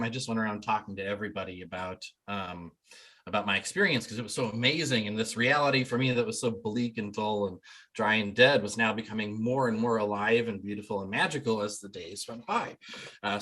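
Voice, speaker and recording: Bright-voiced man telling his story. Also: on the low side. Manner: rambling, with many ums and restarts; acts out quoted people in a livelier voice. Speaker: shamanic healer, interview guest. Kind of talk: casual storytelling.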